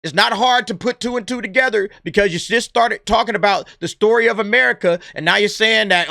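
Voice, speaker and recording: A man's voice: high voice, a little fast, vocal fry, few pauses, bright, forceful tone, no room sound, studio quality. A man ranting in an opinion commentary vlog, blunt, exasperated and sarcastic, with plenty of slang. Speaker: movie commentary vlogger.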